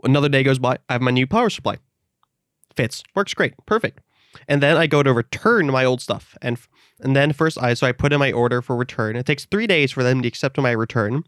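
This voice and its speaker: A man's voice: medium pitch, fairly quick, fairly bright tone, dry recording, clean studio sound. A man from the Netherlands telling a long story in casual podcast chat, acting out the quoted voices of others.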